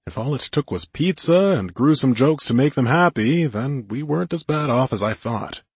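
A man narrating a first-person audiobook in a calm, measured way. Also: medium pitch, breathy edge, dry recording.

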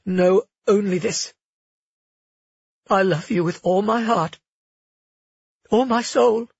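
A man's voice: a little slow, creaky, breathy edge, no echo, highs cut off, heavily acted. A man voicing a tender, impassioned young woman. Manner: pleading, earnest, raised pitch for a female part. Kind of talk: audiobook character voicing.

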